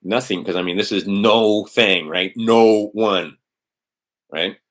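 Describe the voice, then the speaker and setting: A middle-aged man with a low, deep voice talks into a desk mic, rambling through a document with sardonic asides. His delivery is loose and casual, broken by restarts and the odd curse. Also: takes it slowly, a bit bright. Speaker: host of a legal maxims stream. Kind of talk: casual screen-share talk.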